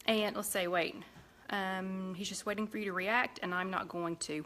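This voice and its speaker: A woman's voice: medium pitch, fairly even intonation, normal speed, a bit bright, slight background noise. A woman with a Southern US accent talks her way through a live cooking stream. Her chatter is loose and rambling as she cooks and plates food. She sounds like she is in a home kitchen. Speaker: cooking show host. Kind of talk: casual live-stream chat.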